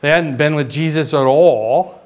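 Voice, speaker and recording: A man's voice: measured pace, darkish tone. Man preaching with frequent check-ins. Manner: conversational teaching, frequent "right?" and "okay?" check-ins; rises in pitch and volume for emphasis. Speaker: pastor. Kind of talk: sermon.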